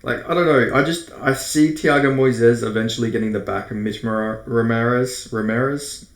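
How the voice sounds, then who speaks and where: A man's voice: medium pitch, steady tone, normal speed. An Australian man giving casual, rambling fight predictions, swearing often and correcting himself as he goes. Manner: rambling, profane, self-correcting. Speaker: MMA predictions host. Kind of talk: casual fight breakdown monologue. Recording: roomy echo.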